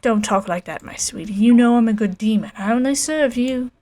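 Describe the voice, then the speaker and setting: A woman's voice: a little high, a little fast, dark tone, lightly acted. A woman voicing a sly, teasing old female demon servant in a game.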